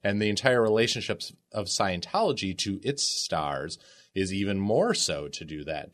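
Very low-voiced man discussing a book. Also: a bit bright. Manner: conversational, filler-heavy with frequent "like". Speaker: panelist. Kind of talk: casual discussion.

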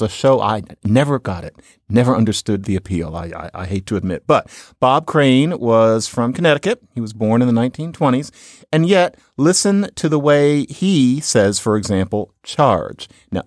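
A man's voice: medium pitch, normal speed, no room sound, clean studio sound. A middle-aged man hosting a podcast, giving a casual lecture on speech with wry asides. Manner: chatty, wry asides, lively intonation. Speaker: podcast host, linguist. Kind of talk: casual lecture with audio clips.

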